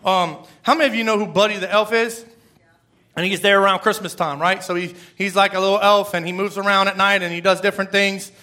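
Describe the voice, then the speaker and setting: A man's voice: high-pitched, steady tone, fairly quick, pushed and bright. A man preaching a sermon in a conversational way, often asking the congregation to respond. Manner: conversational, asks the crowd for responses. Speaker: pastor.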